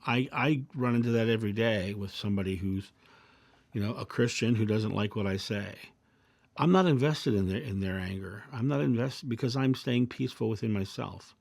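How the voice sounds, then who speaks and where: A man hosting his own video channel, reflecting calmly through personal anecdotes and parables in a casual monologue. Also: lowish voice, creaky, no echo. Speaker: video host.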